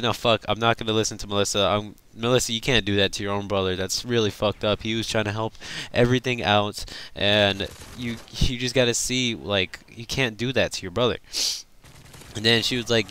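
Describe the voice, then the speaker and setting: A man's voice: on the low side, fairly even intonation, normal speed, a bit bright, clean tone. A young man telling a rambling, profane story over gameplay as a gaming channel host. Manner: profane, rambling, laughs often.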